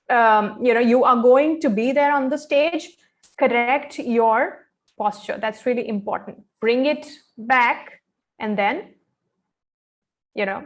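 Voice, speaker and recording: A woman's voice: fairly high pitch, measured pace. A woman coaching pageant contestants on posture and speech, speaking in an instructive, friendly way with many fillers and checks of "okay". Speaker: pageant fashion and grooming coach. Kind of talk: training session talk.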